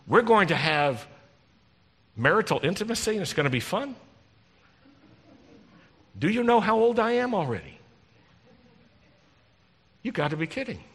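A man's voice: high-pitched, very animated, fairly bright tone, breathy edge, pitched above the performer's own voice, heavily acted. A man putting on a scoffing old woman. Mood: incredulous. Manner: mocking disbelief, quick and rising. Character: incredulous elderly woman, scoffing and teasing. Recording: long reverb in a large hall.

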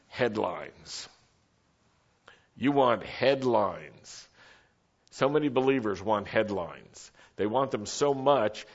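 A man preaching a sermon in a slow, measured way, his voice dropping almost to a whisper on quiet phrases and rising for emphasis. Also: lowish voice, muffled recording.

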